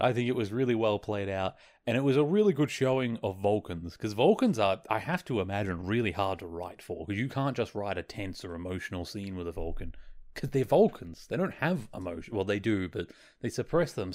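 A man with a somewhat low voice hosts a podcast solo. He recaps at an easy, rambling pace, leaning on fillers and chuckling at the funny bits. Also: a little mellow. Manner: rambling, filler-heavy, amused. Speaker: podcast host. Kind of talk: casual solo episode recap.

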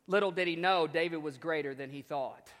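A man telling stories from the pulpit in a repetitive, emphatic, conversational way. His voice sits a little high. A long hall reverb hangs behind his words. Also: a little fast, fairly bright tone. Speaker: preacher. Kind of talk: storytelling sermon.

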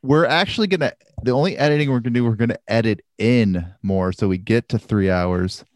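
A man's voice: mid-range voice, fairly quick, no echo, studio quality. A man co-hosting a casual podcast, rambling and joking as he talks. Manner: rambling, joking, full of fillers. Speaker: podcast co-host. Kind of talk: casual chat.

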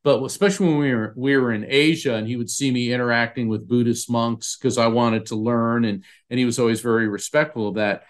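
A man's voice: medium pitch, fairly even intonation, brisk, hardly any pauses. A man, an author being interviewed, telling a personal story in an earnest, emotional way with frequent restarts. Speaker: author and podcast guest.

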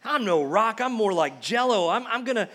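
A guilt-ridden disciple muttering to himself in quick, self-mocking bursts, as a preacher acts him out in a sermon. The voice sits high for a man. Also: lively intonation, bright, forceful tone, exaggerated voice. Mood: ashamed. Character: anxious, ashamed adult male disciple.

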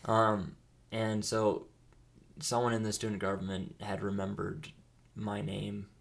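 A man's voice: on the low side, flat delivery, measured pace, vocal fry. A young man hosting a podcast, chatting casually and rambling with frequent restarts. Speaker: podcast host. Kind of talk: casual chat.

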